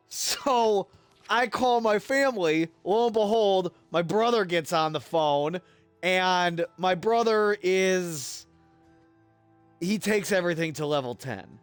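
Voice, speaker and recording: A man streaming a game and telling a rambling, profane story in a casual, animated way. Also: sits high, slow, smooth, no echo, soft background music. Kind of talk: casual storytelling while gaming.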